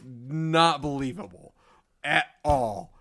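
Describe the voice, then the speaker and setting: Ranting man, higher-pitched, swearing a lot. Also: slow pace, gravelly, a bit bright. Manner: exasperated ranting, heavy swearing. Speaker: podcast co-host. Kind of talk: casual wrestling chat.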